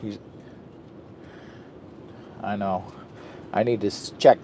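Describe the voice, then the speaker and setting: A man's voice: on the low side, fairly even intonation, takes it slowly, noisy background. A man chatting casually to the camera while camping in a hot tent, goofy and loopy, joking about himself in the third person. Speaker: camping vlogger. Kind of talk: casual vlog chat to camera.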